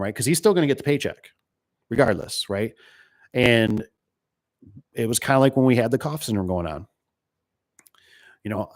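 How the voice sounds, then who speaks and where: A man talks about running his small business in a loose, rambling way, dropping in fillers and acting out old conversations in quotes. His voice sits a little low. It is recorded close and dry, with no room sound. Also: darkish tone, no room sound. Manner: rambling, conversational, lots of fillers and "right?" tags; retells conversations in quoted dialogue. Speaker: door and gate business owner. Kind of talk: casual chat.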